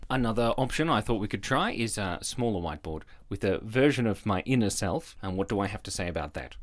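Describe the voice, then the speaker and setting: Playful man with a lively voice. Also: fairly low pitch, a little fast, few pauses. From Australia. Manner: playful and self-mocking, laughs often. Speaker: comedy YouTuber host. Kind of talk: scripted comedy vlog.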